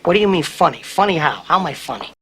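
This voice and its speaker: A man's voice: on the high side, sing-song, quick pace, sharp tone, slight background noise, voice pushed up. An Englishman putting on a touchy, menacing gangster. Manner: threatening, mock-offended questioning. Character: touchy menacing gangster man, quick to take offence.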